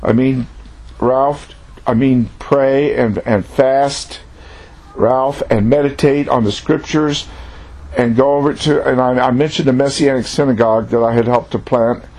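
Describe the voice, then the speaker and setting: A man's voice: medium pitch, fairly even intonation, a little slow, darkish tone. A man preaching, telling a personal testimony in an earnest, reflective way.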